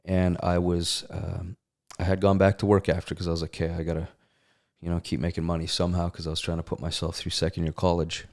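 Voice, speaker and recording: A man's voice: deep voice, quick pace, creaky. A middle-aged man, an actor, telling stories casually in an interview and acting out the people he quotes. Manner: animated, acts out quotes in voices. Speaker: actor, guest.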